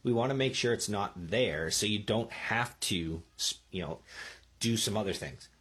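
Man, gardening advice host, lowish husky voice, casual and chatty, keeps asking "okay?". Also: normal speed, fairly bright tone. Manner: chatty, checks in with frequent "okay?" and "right?". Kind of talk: casual instructional talk. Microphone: speaking into a microphone.

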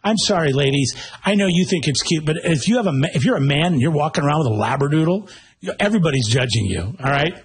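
Husky man, fairly high-pitched, joking, blunt, casual chat. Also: lively intonation, fast talker. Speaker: podcast co-host.

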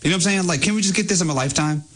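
A man's voice: high-pitched, racing, a bit bright. A man co-hosting a radio show, rambling impatiently with lots of "like". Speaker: radio co-host. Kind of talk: casual studio banter.

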